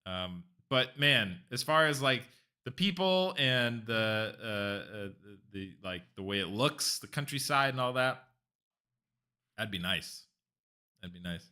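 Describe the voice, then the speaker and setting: A man's voice: mid-range voice, expressive, measured pace, bright, forceful tone, clear, resonant tone. A man chatting casually with live stream viewers, rambling and talking straight to the chat. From United States.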